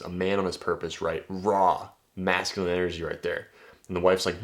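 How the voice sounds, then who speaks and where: Low-voiced man, dating coach, casual profane monologue. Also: little pitch movement, moderate pace. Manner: blunt and profane, tags points with "right?".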